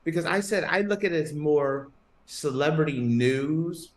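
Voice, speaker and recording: A man's voice: on the high side, unhurried, a crowd in the background. A man hosting a sports podcast, chatting casually with a co-host, laughing and rambling as he talks. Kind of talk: casual chat. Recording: roomy echo.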